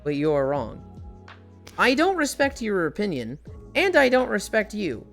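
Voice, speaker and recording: A woman's voice: medium pitch, wildly swooping pitch, moderate pace, faint music behind. A woman live-streaming in casual chat, telling stories animatedly with frequent swearing and laughter.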